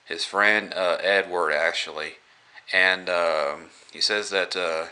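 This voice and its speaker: Rambling deep-voiced man reviewing a film. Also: fairly even intonation, takes it slowly, bright, forceful tone, clean tone. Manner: rambling, many fillers and restarts. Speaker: movie reviewer.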